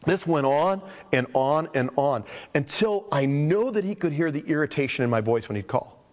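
A man's voice: fairly high pitch, expressive, moderate pace, a little mellow, long reverb tail. A man preaching as a pastor, telling stories conversationally and acting out the voices of the people in them. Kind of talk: sermon.

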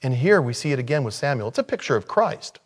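A man preaching a sermon in a conversational way, with sudden loud, high-pitched bursts of emphasis. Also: very animated, fast. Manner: conversational, thinking aloud. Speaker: pastor.

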